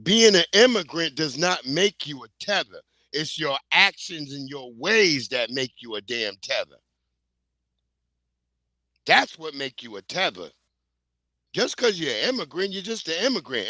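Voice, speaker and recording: Heated New man, high bright voice. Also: dry recording. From New York. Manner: blunt, heated, profane street talk. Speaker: livestream host. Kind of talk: casual ranting commentary.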